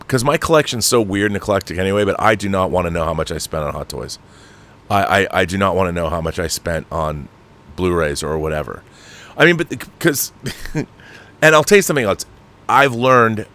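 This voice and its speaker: A middle-aged man hosting a casual live stream, reading viewer comments aloud and reacting in an animated way with frequent restarts, laughs and swearing when annoyed. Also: low voice. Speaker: show host reading viewer chats.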